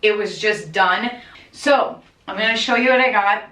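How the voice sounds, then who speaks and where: A woman's voice: medium pitch, normal speed, bright, forceful tone. A woman with a Minnesota accent, thinking aloud as she cleans her bathroom for her vlog. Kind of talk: casual commentary while cleaning. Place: small bathroom indoors. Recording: echoey room, mic at a distance.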